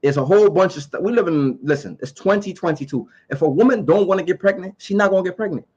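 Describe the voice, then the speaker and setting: Emphatic man, higher voice, lo-fi. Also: fast talker, darkish tone, slightly rough. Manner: emphatic, repeats points, asks rhetorical questions. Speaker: vlogger giving opinions. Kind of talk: casual opinion monologue to camera.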